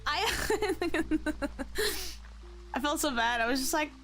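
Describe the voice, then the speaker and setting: A woman's voice: high voice, fast, bright, forceful tone, soft background music, low-quality recording. Rambling young woman art streamer. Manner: rambling and self-deprecating, lots of "like" fillers. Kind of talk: casual chat while drawing on stream.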